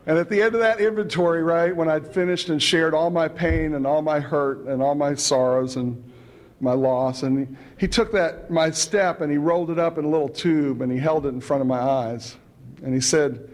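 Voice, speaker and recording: At a meeting, a man with a fairly high voice tells his recovery story at a normal speed. He is chatty and humorous, filling his talk with "you know" and "right" and chuckling between lines.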